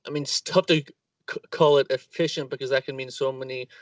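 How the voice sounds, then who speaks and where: A man's voice: medium pitch, fairly even intonation, brisk, no echo, recorded from a distance. A man in a casual conversation about architecture, searching for words and stumbling as he goes.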